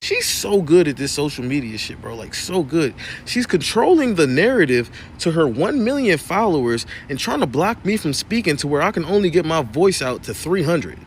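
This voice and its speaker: A young man rants with sarcastic exasperation, his pitch jumping all over and sitting a bit high. Faint vehicle noise hums behind him in the car. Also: big pitch swings, normal speed, hardly any pauses. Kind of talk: selfie video rant.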